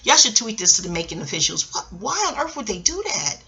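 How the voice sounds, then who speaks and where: A woman's voice: medium pitch, sing-song, brisk, sharp tone. A middle-aged American woman vlogging in a scattered, rambling way, jumping between tangents and swearing freely. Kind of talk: casual rambling commentary.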